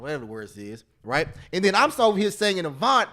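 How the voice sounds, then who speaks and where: A man teaching a live options trading class, excitable and repetitive, talking straight to his viewers and breaking into snatches of song. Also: high-pitched, fast, few pauses. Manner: sings snatches of love songs.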